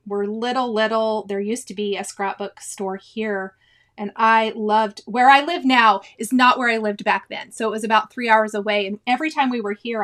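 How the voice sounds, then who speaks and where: A woman's voice: on the high side, a bit bright. A woman in her forties hosting a cross-stitch livestream, chatting casually and reading viewers' comments with frequent laughs and exclamations.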